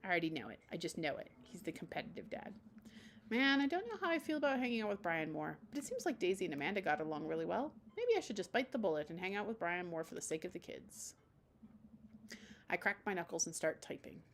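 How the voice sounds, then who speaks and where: A woman's voice: lowish voice, big pitch swings, fast, slight background noise. A young woman streamer reading a dating game aloud at home, playful and chatty as she acts out the text.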